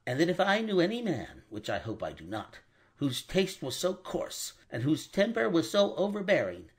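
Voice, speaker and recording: A man voicing a fussy, mild older male bank clerk in an audiobook, hesitant and precise, with a husky voice. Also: fairly high pitch, voice pushed up, heavily acted.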